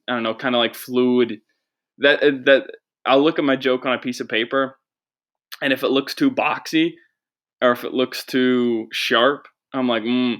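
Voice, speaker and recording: Young male comedian-host, bright, rambling and self-deprecating, casual solo podcast talk. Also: medium pitch. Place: small studio with a producer.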